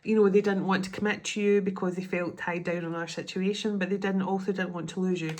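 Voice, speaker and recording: A woman's voice: medium pitch, flat delivery, quick pace, darkish tone. A woman giving a tarot card reading. She thinks aloud in a chatty way and often restarts her sentences. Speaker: tarot reader.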